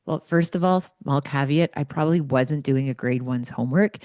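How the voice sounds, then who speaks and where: A woman's voice: a bass voice, normal speed, dark tone, dry recording, studio quality. A middle-aged woman hosting a podcast, giving casual, chatty advice and anecdotes. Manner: chatty and anecdotal, with fillers like "like" and "right?". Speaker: podcast host.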